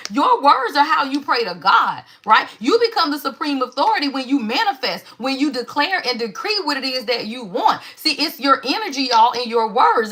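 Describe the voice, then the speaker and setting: A woman's voice: high-pitched, bright, forceful tone. A woman giving a live tarot reading in an emphatic, preachy call-and-response manner, swearing freely. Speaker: tarot reader.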